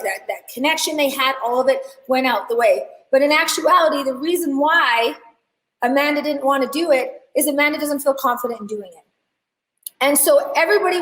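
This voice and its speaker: This hair educator, a woman with a high voice, runs a live online class in a lively, talkative style and calls on people in the chat. The sound has the echo of a large room.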